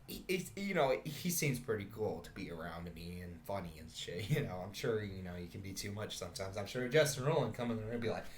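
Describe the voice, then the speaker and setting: A man's voice: lowish voice, expressive, fast talker, few pauses. A man hosting a podcast in casual, rambling chat, laughing often and swearing casually. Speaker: podcast host.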